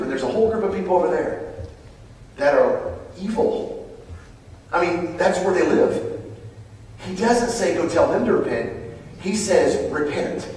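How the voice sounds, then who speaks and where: A middle-aged American man preaching a sermon, swinging from loud, high bursts to low, quiet asides. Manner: animated, climbs high and loud when stirred, then drops low and quiet. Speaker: pastor. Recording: echoey hall, voice from far off.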